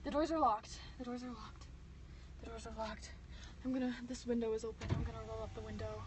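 A woman's voice: on the high side, steady tone, quick pace. A frightened, shaking woman, a game show contestant, talking to herself and teammates in a car, repeating phrases and swinging from whispers to shrieks. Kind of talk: unscripted live reactions. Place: inside a parked car. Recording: distant mic with clear background noise.

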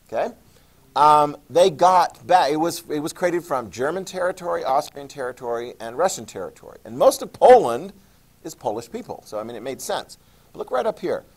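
A man teaching a history class, lecturing in an animated way and quizzing students. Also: fairly high pitch, vocal fry. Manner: animated, acts out countries in jokey voices; asks the class questions.

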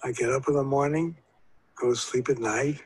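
A husky-voiced man in his eighties answers slowly and unsurely, often searching his memory and dropping in dry jokes. The recording is dry and close. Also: mid-range voice, steady tone, no echo, poor audio. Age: 80s. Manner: slow, unsure, dry humor. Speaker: interviewee. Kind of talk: recorded family interview.

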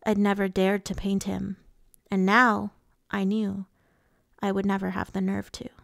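Woman audiobook reader, measured and slow, gravelly, dry close sound. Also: mid-range voice, level tone, dry recording. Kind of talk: first-person novel narration.

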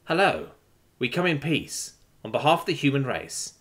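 A man's voice: medium pitch, big pitch swings, moderate pace, a bit bright. A man doing an earnest, friendly human captain.

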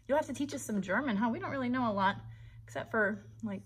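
A woman's voice: a little high, fast talker, slightly rough. A woman hosting a children's puppet livestream, cheerfully asking young viewers questions and encouraging them. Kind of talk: friendly talk to young viewers.

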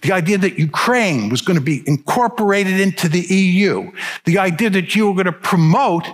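A man's voice: high-pitched, lively intonation, normal speed. An older man giving a public lecture, arguing his case emphatically and stressing key words. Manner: emphatic, argumentative.

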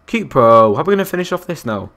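A man's voice: fairly high pitch, sing-song, quick pace, fairly bright tone. Chatty man streaming a game. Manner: chatty, counts aloud, reacts to chat and other players. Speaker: gaming live streamer. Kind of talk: live gameplay commentary.

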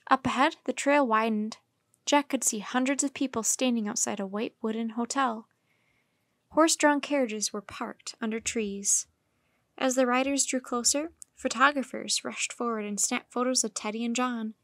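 A woman reading a children's chapter book aloud in a calm, measured way. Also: fairly high pitch, dry recording, studio quality. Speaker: storyteller.

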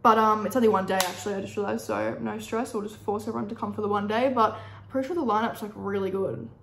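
A young woman with an Australian accent and a croaky, hoarse voice, chatting casually and upbeat with lots of fillers while doing her makeup. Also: medium pitch, fairly even intonation, fast talker, roomy sound, a little hiss or hum. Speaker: beauty vlogger.

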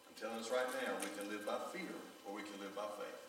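Preacher man, bright voice, big echoey church hall from a distance. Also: steady tone, fast, slight background noise. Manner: emotional storytelling, voice dropping low and soft. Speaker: pastor. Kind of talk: sermon. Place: large church sanctuary.

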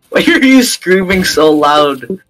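A man chatting excitedly with friends while playing an online shooter, yelping and laughing under fire. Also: high voice, takes it slowly, soft background music. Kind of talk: casual gameplay chat.

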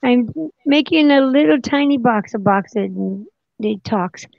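A woman's voice: on the high side, a little slow, gravelly, no room sound. A woman guesting on an art stream over a muffled video call, talking hesitantly with many fillers. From Australia. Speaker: guest artist. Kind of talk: casual chat while crafting.

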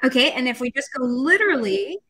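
This rough recording captures a woman teaching a language class on a livestream in a high, bright, pushed voice with lively intonation and a fairly quick pace. She walks through each point step by step, chats with viewers, and reads their comments.

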